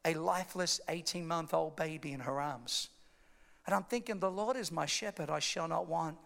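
Impassioned pastor preaching in a hall. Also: male voice, sits high, creaky. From Australia. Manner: impassioned preaching, rising to shouts. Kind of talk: sermon. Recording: echoey hall reverb.

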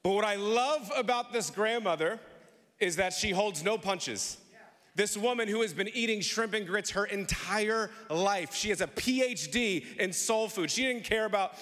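A man's voice: sits high, normal speed, a bit bright. A man preaching a sermon, telling a funny story and calling out to his congregation to respond. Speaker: pastor. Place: church sanctuary. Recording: reverberant church hall.

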